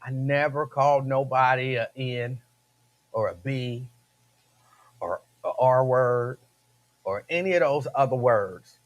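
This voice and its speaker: A man's voice: mid-range voice, slow, long pauses. A man hosting a radio show, talking casually and emphatically, repeating his phrases and laughing between points. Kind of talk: casual talk-radio monologue.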